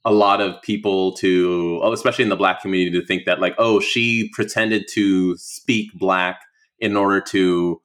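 A young man speaks in a low, relaxed register as a guest in a casual conversation. He rambles, circling back with fillers and restarts as he works through his thoughts. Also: normal speed.

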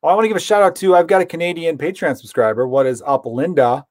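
A man's voice: fairly high pitch, quick pace, no room sound, clean studio sound. A man hosting a podcast in casual chat, easygoing and rambling with lots of fillers. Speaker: podcast host.

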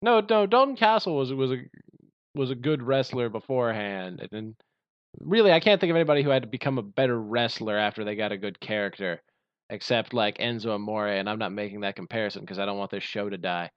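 A man co-hosting a podcast in casual chat, firing off quick sarcastic quips and rapid asides. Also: fairly low pitch, clear, resonant tone, no room sound. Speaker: podcast co-host. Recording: dull dry lo-fi sound.

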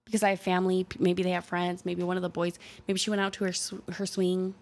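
An adult mother of a young son, this co-host narrates a true-crime story on a podcast quickly and animatedly, her lowish voice acting out each quote in a casual manner.

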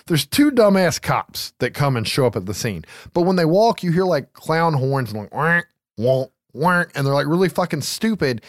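Lively, laughing man recapping a movie. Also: fairly high pitch, no room sound, clean studio sound. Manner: laughing, swearing freely. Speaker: podcast co-host. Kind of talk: casual movie recap chat.

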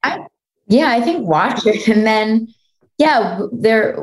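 A woman's voice: fairly high pitch, lively intonation, slow. A woman, a co-creator of a series, answering in a casual interview and searching for her words.

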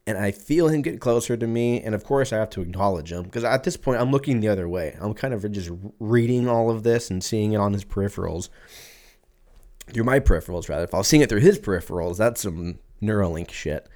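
A man's voice: on the low side, lively intonation, a little fast, mellow. A man hosting a podcast, telling a rambling, profane story in a casual way and acting out other people's lines. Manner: profane, rambling, acts out voices in anecdotes. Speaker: podcast host.

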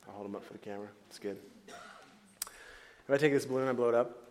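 A man preaching a sermon as pastor in a church, playful and animated, acting out the voices he quotes. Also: medium pitch, a little fast. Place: church hall before a congregation.

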